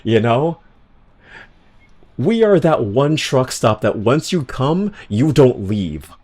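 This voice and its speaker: A man's voice: mid-range voice, very animated, slow pace, a little mellow. A man streaming a game, rambling through casual, slangy commentary with swearing and self-mocking asides.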